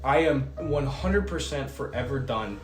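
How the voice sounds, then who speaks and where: A man's voice: medium pitch, lively intonation, unhurried, reverberant, music in the background. A man chatting casually on a livestream, rambling and swearing as he reads out chat messages, and a little sick. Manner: rambling, swearing, jokey asides. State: a bit sick. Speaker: streamer reading chat.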